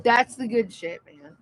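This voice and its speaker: A woman's voice: fairly high pitch, rough recording. A woman hosting a casual livestream, swearing freely and laughing helplessly between lines. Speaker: livestream host. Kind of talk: casual live-stream chat.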